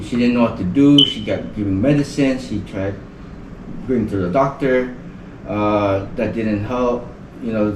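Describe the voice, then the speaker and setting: This podcast guest, a man from the Northern Mariana Islands, rambles through a story in casual chat and says "like" constantly as filler. He has a lowish voice, and the distant mic gives a roomy sound with background noise.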